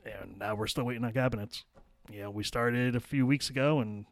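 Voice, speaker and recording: A man's voice: mid-range voice, fairly quick, gravelly, no room sound. A man who works as a contractor, chatting in an easygoing way and often agreeing and chuckling. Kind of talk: casual chat.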